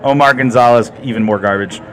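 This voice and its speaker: A man's voice: medium pitch, fairly quick, crowd noise. A man co-hosting a casual sports chat, blunt and sarcastic. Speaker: podcast co-host.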